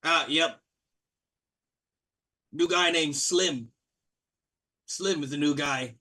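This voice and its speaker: A man's voice: fairly high pitch, drawn-out words, sharp tone, exaggerated voice. Man doing a brash Long Island water fey. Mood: rambling. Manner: pushy, rambling, interrupts others. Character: brash male water fey tavern keeper.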